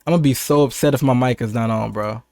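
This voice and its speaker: A young American man in casual livestream chat, loose and rambling, often doubling back on his words. His voice sits at an ordinary middle pitch. The sound is close and dry, with no room around it. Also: quick pace, creaky, a little mellow, no echo. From United States. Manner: rambling and laid-back, with frequent laughs and restarts. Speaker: streamer.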